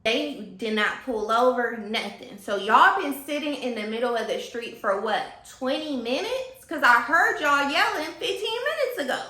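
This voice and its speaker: A woman telling a story in a casual vlog, animated and gossipy, talking straight to her viewers. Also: high voice, normal speed, hardly any pauses, roomy sound.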